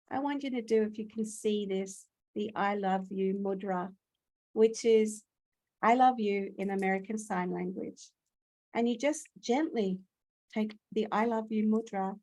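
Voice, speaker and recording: A woman, a podcast guest and spiritual healer, guiding listeners through a meditation in a soft, soothing way. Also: mid-range voice, no echo. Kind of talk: guided meditation.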